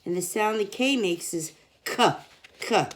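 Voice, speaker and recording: Slow, sing-song woman reading to kids. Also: mid-range voice, background noise. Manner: slow, sounding out letters, lively sing-song. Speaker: kids gym teacher reading to children. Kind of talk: reading a picture book aloud to children.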